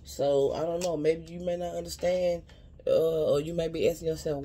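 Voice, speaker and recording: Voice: mid-range voice, steady tone, normal speed, warm tone, a little hiss or hum. A spiritual advisor giving a casual card reading straight to viewers, earnest and rambling, often repeating "you know what I'm saying.". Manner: earnest and heartfelt, speaking directly to viewers.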